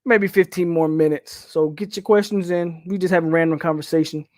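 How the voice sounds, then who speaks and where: A man with a Southern US accent hosts a live sports podcast, riffing on the chat's questions. His voice sits high and the sound is dry and close. He talks loosely, trails off, restarts and gives blunt opinions. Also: fairly even intonation, brisk, darkish tone, no room sound. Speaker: podcast host reading chat questions. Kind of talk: casual live-stream chat.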